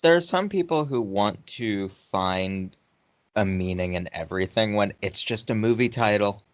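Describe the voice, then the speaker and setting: Male podcast co-host, low lively voice, dry mic, quick jokes. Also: no room sound. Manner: joking interjections. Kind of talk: casual chat.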